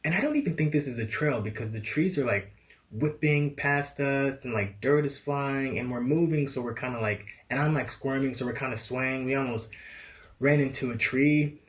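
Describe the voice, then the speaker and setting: A young man telling a travel story in an animated storytime style, laughing now and then and acting out the dialogue. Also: mid-range voice. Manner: animated, laughs often, acts out quoted dialogue. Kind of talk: storytime vlog.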